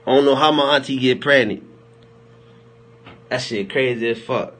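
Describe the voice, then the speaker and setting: A man's voice: mid-range voice, moderate pace, noisy background. A young man chatting loosely on a phone livestream, rambling, laughing and teasing his viewers in heavy slang. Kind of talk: loose joking livestream chat.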